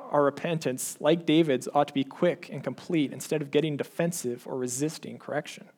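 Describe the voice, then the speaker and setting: Male preacher, slightly high voice, earnest sermon delivery with slow scripture reading. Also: darkish tone. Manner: earnest, pleading questions to the congregation; slows down to read scripture aloud.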